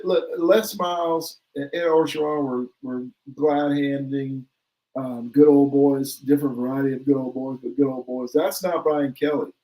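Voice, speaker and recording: A male co-host of a relaxed sports talk podcast shifts between opinions, laughs a lot, and shares listener comments. His voice is of medium pitch with a darkish tone, captured in a low-quality recording.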